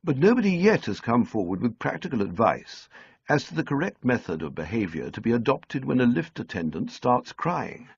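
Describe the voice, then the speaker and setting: Gravelly, expressive male audiobook narrator. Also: medium pitch, dry recording, highs cut off. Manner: measured, dryly comic storytelling.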